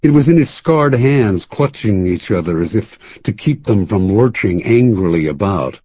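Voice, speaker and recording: A man narrating a legal thriller audiobook in the first person, with a measured, wry storytelling manner. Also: on the low side, expressive, breathy edge, dry recording, muffled recording.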